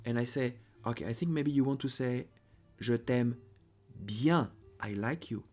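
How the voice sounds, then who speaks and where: French guy teaching a lesson real slow, voice goes way up and down, faint music behind. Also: medium pitch, expressive, a little mellow. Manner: patient, repeats phrases slowly, corrects himself. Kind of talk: slow language lesson with repeated phrases.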